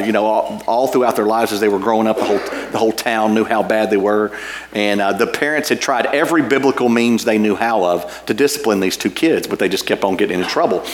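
A man's voice: lowish voice, slight background noise. A man preaching a sermon, reading scripture and telling a folksy story with frequent fillers and repeats. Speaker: pastor.

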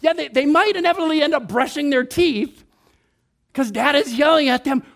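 A man delivering a sermon in a high, bright-sounding voice. He is playful and animated, acting out his own inner thoughts, then sinks to a hushed tone when he quotes scripture. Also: moderate pace, creaky. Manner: animated, playful, mimics himself and others, drops to a hushed tone on scripture. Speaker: pastor.

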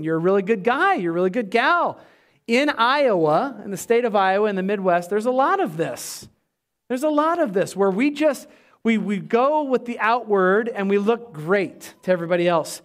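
A middle-aged male pastor preaching a sermon to his church, emphatic, often dropping low and quiet to stress a point.

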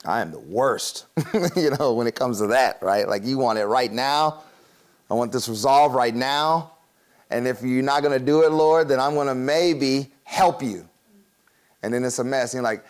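A man preaching a sermon in a casual, conversational way, laughing often and acting out quick voices as he teaches. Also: medium pitch, lively intonation. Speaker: pastor.

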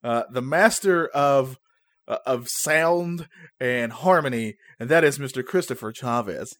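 A man's voice: medium pitch, a little slow, a bit bright, dry recording. A man co-hosting a podcast in casual chat, joking and laughing often, for whom English is not his first language. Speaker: podcast co-host. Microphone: new podcast microphone.

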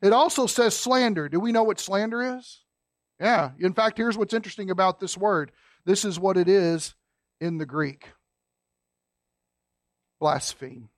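A man preaching a sermon as a pastor, folksy and emphatic, dropping low and quiet to stress a point. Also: a little slow, pauses often, dry recording, studio quality.

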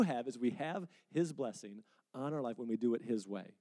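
A male pastor speaks in a mellow, relaxed tone. He stays conversational and earnest and answers a question from the congregation. Now and then he acts out little quotes in a livelier voice. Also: medium pitch, normal speed. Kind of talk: sermon Q&A.

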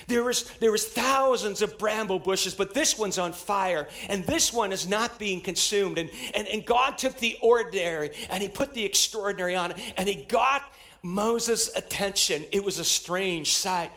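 A man's voice: sits high, moderate pace, a bit bright. A man preaching a sermon to his church in an emphatic style, repeating phrases as he builds intensity. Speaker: pastor.

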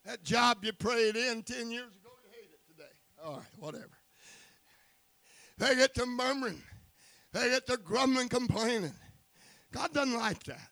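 Man, preacher, sermon, very high voice, gravelly, fervent, calls for amens, dry close sound. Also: normal speed, dry recording. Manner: fervent preaching that swings from quiet asides to shouting, calling for amens.

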